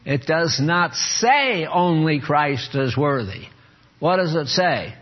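Slow, husky-voiced man preaching. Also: fairly high pitch. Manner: animated, teasing, calls on listeners by name. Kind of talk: sermon to a small group. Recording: muffled lo-fi recording.

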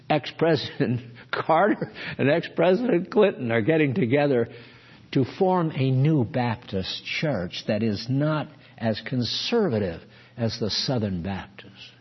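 A man preaching a sermon, emphatic, moving between hushed warnings and forceful exhortation. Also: medium pitch, slightly rough. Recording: dull lo-fi recording.

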